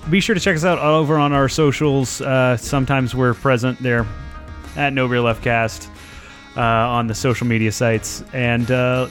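A man's voice: mid-range voice, a bit bright. Laid-back man co-hosting a podcast. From North Texas. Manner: laid-back, swears casually. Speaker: podcast co-host. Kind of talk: casual podcast chat.

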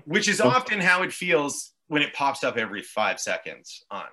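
A man's voice: on the high side, very animated, normal speed, sharp tone. A man from Montreal telling long, tangential stories in casual chat, swearing freely as he goes. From Montreal, Canada. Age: adult with three children. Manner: rambling, tangential storytelling with frequent swearing. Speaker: podcast guest, actor.

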